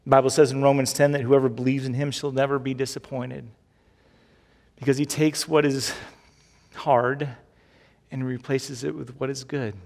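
A man's voice: mid-range voice, little pitch movement, normal speed, gravelly, darkish tone, big-room sound. A male pastor preaching a sermon with a repetitive, building cadence.

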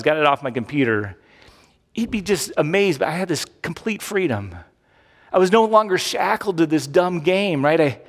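A middle-aged man preaching a sermon as pastor, in a chatty way with repeated phrases and frequent "right?" asides. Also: fairly high pitch. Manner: conversational preaching with tag questions and repeated phrases. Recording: long hall reverb.

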